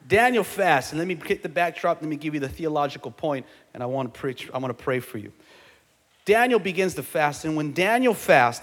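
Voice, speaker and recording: A male pastor preaching a sermon in a church, calling on the congregation to answer back and rising to shouts at the peaks. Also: on the high side. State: sweating from exertion. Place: church sanctuary. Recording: live church sound with long reverb.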